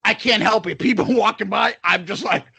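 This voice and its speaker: A man co-hosting a podcast, telling a story in casual chat, animated and profane, acting out the people in it. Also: high-pitched, a little fast, creaky, background noise. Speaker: podcast co-host.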